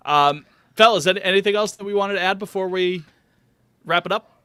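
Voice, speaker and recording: A man hosting a podcast interview, easygoing and quick to laugh. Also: high-pitched, a bit bright, clean tone, no echo, studio quality. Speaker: podcast host. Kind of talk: casual interview chat.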